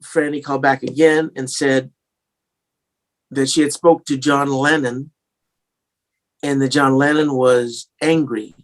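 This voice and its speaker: A man's voice: medium pitch, fairly even intonation, a little slow, pauses often. A man with a slightly English-tinged American accent, a singer-songwriter telling stories in a casual interview, rambling with many fillers and restarts.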